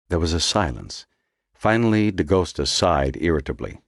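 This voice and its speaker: Deep-voiced male audiobook narrator. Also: expressive, moderate pace, no room sound, studio quality.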